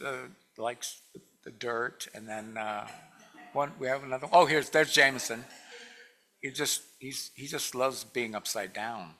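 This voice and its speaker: A man's voice: lowish voice, pushed and bright. A man giving a casual, rambling talk to a spiritual community, full of fillers and restarts and often laughing. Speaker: guest speaker at a spiritual community.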